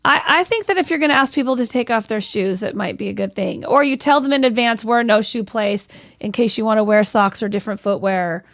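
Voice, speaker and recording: A woman with a high, light voice co-hosts a morning show, running through listener notes and tips at a brisk clip. Her voice is close and dry on the mic. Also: fairly bright tone, dry recording. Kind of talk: casual radio chat.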